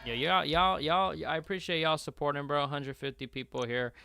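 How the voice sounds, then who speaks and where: A man's voice: fairly high pitch, steady tone, moderate pace, creaky, bright, forceful tone, a little hiss or hum. A young man hosting a casual late-night livestream, talking in loose slangy banter and swearing often. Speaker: livestream host.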